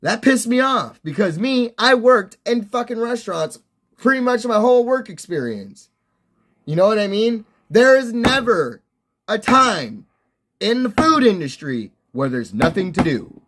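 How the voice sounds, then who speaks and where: High-voiced man ranting, exasperated. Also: big pitch swings, measured pace, fairly bright tone, a little hiss or hum. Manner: heavy swearing, exasperated ranting. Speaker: streamer. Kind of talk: casual ranting monologue.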